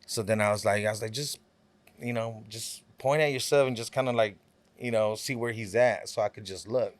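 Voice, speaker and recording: A man's voice: lowish voice, a little fast, no room sound. A man guesting on a podcast, telling a long story in a laid-back, rambling way, full of fillers and quoted back-and-forth. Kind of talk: casual storytelling.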